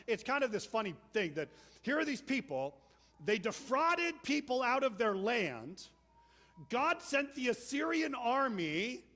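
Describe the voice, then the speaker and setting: Guy pastor preaching, high-ish voice, chatty and lively, acts out little stories. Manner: conversational, animated storytelling with acted-out quotes. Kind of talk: sermon.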